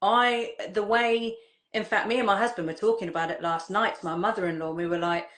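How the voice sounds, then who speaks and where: A woman parenting coach chatting in a halting, earnest way, often restarting and repeating her words. Her voice sits at an ordinary middle pitch. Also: fairly even intonation, a bit bright. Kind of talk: casual conversational chat.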